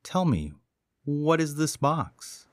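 A man's voice: fairly high pitch, big pitch swings, takes it slowly, dry recording, clean studio sound, voice pushed up. A man voicing a dutiful young fisherman in a storybook tale, speaking earnestly. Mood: pleading.

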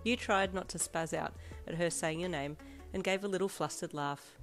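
Low-voiced woman narrating a story. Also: steady tone, normal speed. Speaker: fanfiction reader. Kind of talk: second-person story narration. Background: soft backing music.

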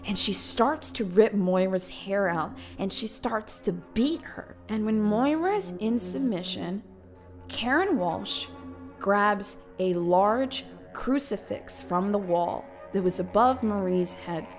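A woman's voice: mid-range voice, animated, slow, music in the background. A woman streamer casually retelling a true crime case, swearing and speaking straight to her viewers.

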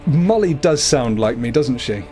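A man's voice: lively intonation, a little slow, warm tone, faint music behind. Chatty man streaming a game. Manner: chatty, playful, often slips into a high cooing voice for his cat. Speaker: gaming livestreamer. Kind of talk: casual livestream commentary.

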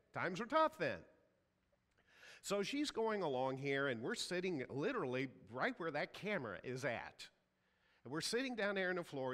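Lively male pastor preaching in a reverberant sanctuary. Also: a little high. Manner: storytelling, acts out quoted voices. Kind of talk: sermon. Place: church sanctuary.

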